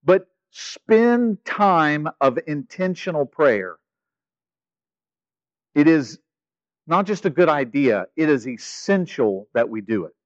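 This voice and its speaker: A male pastor preaching a sermon, animated, swinging from loud stretches to hushed ones. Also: on the high side, takes it slowly, dry recording, muffled recording.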